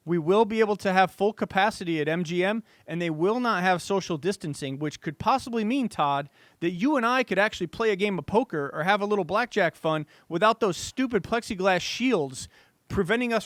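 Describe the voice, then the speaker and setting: A man's voice: on the high side, a bit bright, no echo. A man co-hosting a market talk show, speaking casually with many restarts and sounding irritated. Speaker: co-host.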